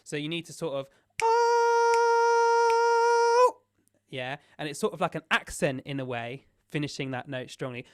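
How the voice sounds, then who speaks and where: A man's voice: mid-range voice, steady tone, a little fast, hardly any pauses, bright, forceful tone, no room sound. A man leading a choir sectional rehearsal as music director. He explains the parts step by step and counts in the beats.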